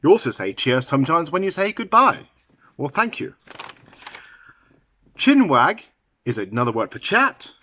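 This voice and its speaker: A man's voice: fairly high pitch, sing-song, pushed and bright, no echo. Man patiently explaining sayings. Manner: unhurried, halting with fillers and restarts. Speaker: English teacher. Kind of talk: explaining idioms to learners.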